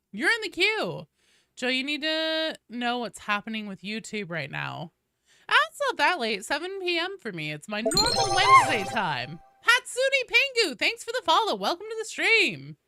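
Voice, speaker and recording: A woman game streamer chatting casually, greeting viewers one by one, her voice a bit gravelly from allergies. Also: high voice, huge pitch swings, moderate pace, sharp tone, no echo, clean studio sound. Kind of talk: casual live-stream chat.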